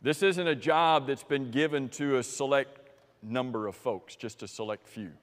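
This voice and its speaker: A man's voice: medium pitch, moderate pace. American preacher quizzing his congregation. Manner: questions the congregation, conversational. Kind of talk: sermon. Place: church sanctuary. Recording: church live stream with long hall reverb.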